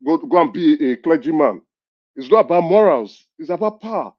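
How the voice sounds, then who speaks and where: A man's voice: fairly high pitch, animated, brisk, highs cut off. A man, lecturing and arguing hard in a heated political debate, talking over the others. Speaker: caller in a political discussion.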